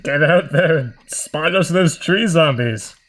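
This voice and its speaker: A man at a tabletop game tosses out jokey remarks, with his voice bouncing widely in pitch. It sits a bit high for a man. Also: animated, slow pace, a bit bright. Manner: jokey, playful. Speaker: player. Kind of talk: playful tabletop game chat.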